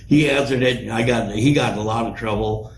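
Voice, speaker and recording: Profane storytelling man in a roomy space. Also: mid-range voice. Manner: rambling, profane, laughs through his own story. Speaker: podcast co-host. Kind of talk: casual storytelling chat. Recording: roomy with faint noise.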